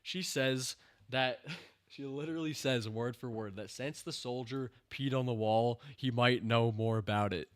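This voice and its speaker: A man's voice: medium pitch, a little slow, smooth. A man giving a rambling, sarcastic spoken commentary, full of fillers and incredulous outbursts. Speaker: show reviewer.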